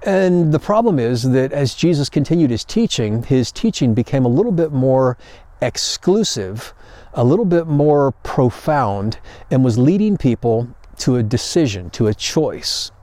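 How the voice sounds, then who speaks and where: Mellow-voiced man preaching a sermon. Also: mid-range voice, animated, unhurried, no room sound. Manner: conversational storytelling, acts out paraphrased quotes. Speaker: pastor.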